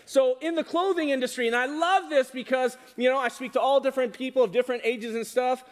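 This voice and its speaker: A man preaching a sermon to a congregation, animated and often asking them questions. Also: extremely high pitch, quick pace. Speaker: pastor. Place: church hall with congregation. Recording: reverberant hall.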